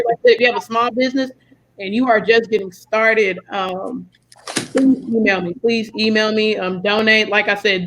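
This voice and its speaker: A woman's voice: mid-range voice, a bit bright, a little hiss or hum, rough recording. A young American woman hosting a casual podcast chat, friendly and full of fillers. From United States. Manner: chatty, friendly, lots of fillers. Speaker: podcast host.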